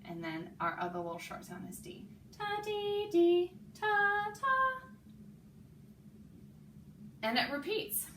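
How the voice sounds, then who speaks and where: A woman music teacher with a lowish voice and lively intonation sings rhythm syllables and explains them to children, warmly coaxing them along. She talks briskly with hardly any pauses in an echoey classroom with a board and slight background noise.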